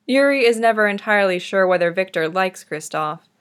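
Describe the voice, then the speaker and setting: A woman narrating a fan-fiction story in a gentle, tender manner. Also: mid-range voice, animated, a little fast.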